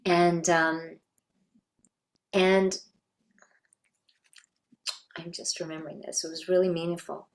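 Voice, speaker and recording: Reflective middle-aged woman, lower voice. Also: level tone, slow, pauses often. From Canada. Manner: reflective, thoughtful storytelling. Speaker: voice actress guest. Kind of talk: reminiscing interview.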